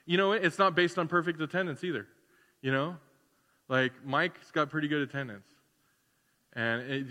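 In a church sanctuary, a pastor preaches to his congregation in a loose, conversational style packed with fillers and acted-out asides. His voice is a little high with a sharp tone, and the recording carries the long reverb of a church hall.

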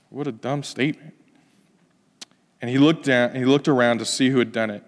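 A man preaching a sermon as pastor, swinging between loud emphatic passages and soft hushed ones. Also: mid-range voice, fairly even intonation, brisk, pauses often. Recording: long hall reverb.

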